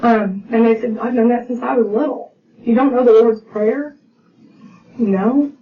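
A woman's voice: a little high, steady tone, unhurried. A middle-aged woman sharing her recovery story as personal testimony, heartfelt and full of acted-out dialogue and restarts. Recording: distant, dull lo-fi audio with faint noise.

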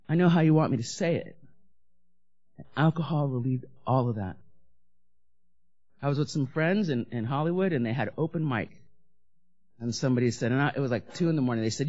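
A woman's voice: low voice, a little mellow. A woman candidly telling her story of drinking and recovery, blunt and profane, acting out the people she quotes. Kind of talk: candid personal recovery talk. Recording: dull lo-fi recording.

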